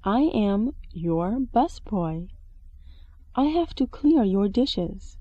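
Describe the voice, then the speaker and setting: Woman voicing a polite cat busboy, formal, lively pitch, unhurried, storybook. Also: dry recording, dull audio.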